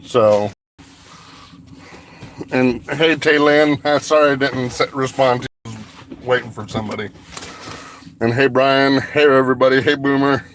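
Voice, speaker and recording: An upset man talking in a halting, agitated way with many restarts, livestreaming from his car while driving. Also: medium pitch, steady tone, fairly bright tone, slight background noise. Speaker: records requester livestreaming. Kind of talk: confrontational livestream.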